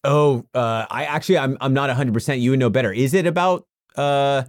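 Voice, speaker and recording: A young man co-hosting a podcast in a casual chat, rambling and halting with lots of "uh" fillers. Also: mid-range voice, no echo, clean studio sound. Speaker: podcast co-host.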